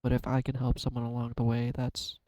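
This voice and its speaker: Fighting tears, a man from a YouTube card-reading channel speaks personally to his viewers, fumbling for words and stopping to start over. His mid-range voice is dark and monotone and runs a little fast. The audio is poor, with a slight hiss or hum.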